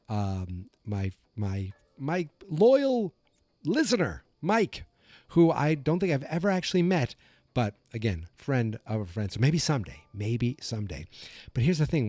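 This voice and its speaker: Calm American male podcast host, low-key warm tone, rambling chatty delivery. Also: dry recording. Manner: calm, rambling, self-correcting. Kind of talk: casual chat.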